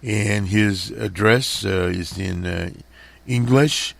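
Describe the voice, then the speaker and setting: A male radio host with a very low, gravelly voice and an unhurried delivery. He stumbles through news headlines with constant fillers and restarts, sounding a little strained. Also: dry recording. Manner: halting, many fillers and restarts. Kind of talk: casual commentary over headlines.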